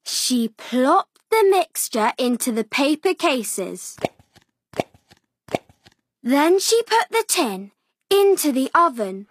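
A woman reading a picture book aloud for small children, slow and expressive. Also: high voice, no echo. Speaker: children's story reader.

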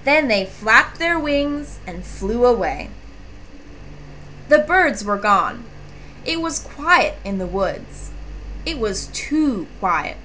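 A woman reading a children's picture book aloud, slow and expressive. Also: a little high, a little hiss or hum. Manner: slow, expressive, clearly articulated. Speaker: storybook reader. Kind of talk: children's storybook read-aloud.

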